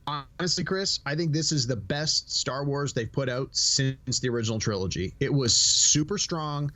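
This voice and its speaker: On a relaxed podcast, a co-host with a mid-range voice spins animated stories at an ordinary pace, giving each quote its own performance.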